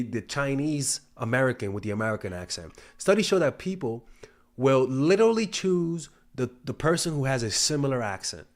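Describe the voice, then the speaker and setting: A young man talks straight to camera about attraction in a loose, casual way. He swears freely and often trips over his words before starting again. His voice sits at an ordinary middle pitch. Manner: profane, storytelling, frequent restarts and stumbles. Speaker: dating coach. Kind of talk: casual talking-head advice.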